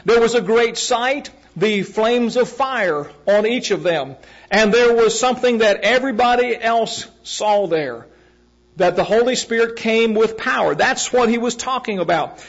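A man preaching a sermon in a measured way, repeating key phrases for emphasis and asking the congregation direct questions. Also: very high voice. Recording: muffled, lo-fi recording.

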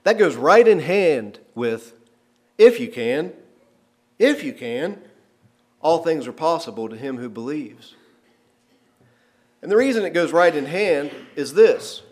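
A middle-aged male pastor with a slightly raised voice delivers a sermon. He drops into soft, low storytelling, then slows down and swells loudly to stress each verse he quotes.

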